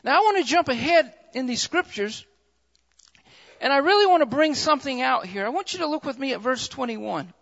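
A man's voice: very high voice, expressive, brisk, gravelly, a bit bright. A man preaching a sermon, repeating phrases and asking the congregation rhetorical questions. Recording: dull sound with long hall reverb.

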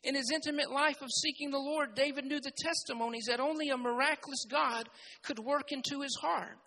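High, bright-voiced preacher. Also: steady tone, a little fast, low-quality recording. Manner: builds to loud, emphatic preaching; repeats key phrases for emphasis. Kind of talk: sermon.

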